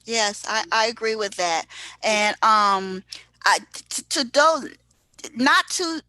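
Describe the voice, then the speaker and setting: Bright, effusive woman hosting over a video call. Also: on the high side, lively intonation, slow. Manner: effusive, enthusiastic. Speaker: host. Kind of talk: casual introduction.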